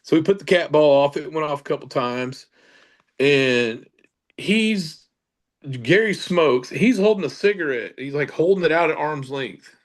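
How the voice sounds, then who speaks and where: A man's voice: a little high, animated, a little slow. A middle-aged man, a paranormal investigator, telling a casual story with many fillers and restarts.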